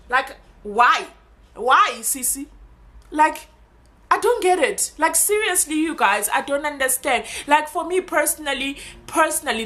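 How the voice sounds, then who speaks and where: Passionate high-voiced woman vlogger. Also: sharp tone. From southern Africa. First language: Shona. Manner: passionate, emphatic, rhetorical questions. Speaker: YouTuber. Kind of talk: casual vlog talking to camera.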